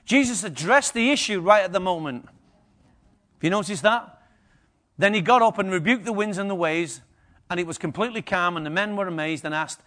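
A man preaching a lively sermon to a congregation, acting out the story's characters. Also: sits high, fairly quick.

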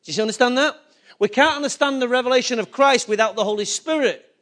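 A man's voice: very high-pitched, fast talker, a bit bright. A man preaching a sermon as pastor, asking the congregation rhetorical questions and rising to emphatic points.

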